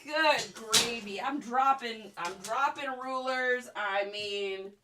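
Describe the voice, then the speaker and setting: A woman's voice: fairly high pitch, slow pace, heavy background noise. A middle-aged woman chatting casually to livestream viewers, getting worked up and ranting. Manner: animated, ranting, gets worked up. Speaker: reseller livestreaming product photography.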